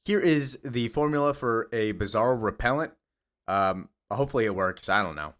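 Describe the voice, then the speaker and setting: A man voicing a calm heroic male superhero in a near-natural, earnest tone. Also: medium pitch, normal speed, natural voice.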